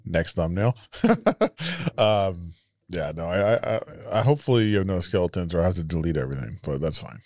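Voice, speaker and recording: Young man, low pitch, dry close sound, casual podcast talk, stumbles and restarts. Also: lively intonation, dry recording. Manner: halting, restarts, laughs often. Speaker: podcast co-host. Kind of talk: casual chat.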